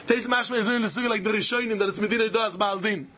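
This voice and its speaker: A man giving an animated Talmud lecture, repeating key phrases for emphasis. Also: sits high, racing, slight background noise. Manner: animated, repeats phrases, mixes Yiddish and Hebrew terms. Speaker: Talmud teacher. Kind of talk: yeshiva-style Talmud lecture.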